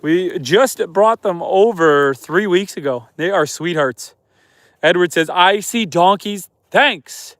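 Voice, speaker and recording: A man from Canada, a homesteader livestreaming outdoors at night, reading viewer comments aloud and chatting back in a relaxed way. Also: high voice, slow pace, no room sound, clean studio sound. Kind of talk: casual live stream chat.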